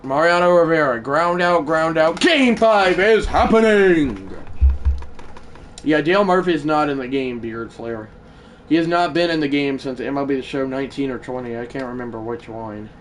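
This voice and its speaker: A man livestreaming a baseball video game, chatting to viewers and shouting when big hits land. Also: mid-range voice, fairly quick, a little hiss or hum. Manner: excitable, swings from mumbled asides to shouted play calls. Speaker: gaming livestreamer. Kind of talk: live gameplay commentary.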